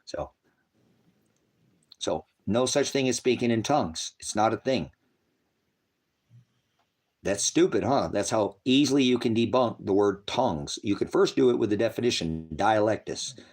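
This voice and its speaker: A man's voice: expressive, normal speed, pauses often, darkish tone. A man preaching on a livestream, profane and mocking, reads out viewer comments and argues with them. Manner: mocks others in shrill put-on voices. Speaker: online preacher. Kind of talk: livestream preaching, reading chat.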